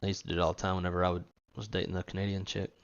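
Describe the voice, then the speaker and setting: A man's voice: deep voice, little pitch movement, racing, highs cut off. A man hosting a flight simulator stream, chatting casually with his co-pilot, swearing freely and laughing often. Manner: loose, profane, laughs often. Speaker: flight sim streamer and host. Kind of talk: casual gaming chat.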